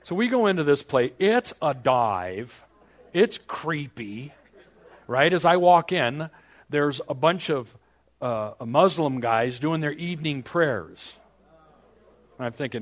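An older pastor shares a personal story during a sermon, poking fun at himself. His medium-pitched voice rises and then falls to almost a whisper.

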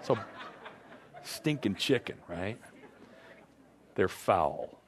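A man's voice: lowish voice, animated, very slow, background noise. A man giving a motivational talk to a group, rambling with restarts and playful asides as he tells a parable. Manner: imitates animal sounds. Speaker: speaker to a group.

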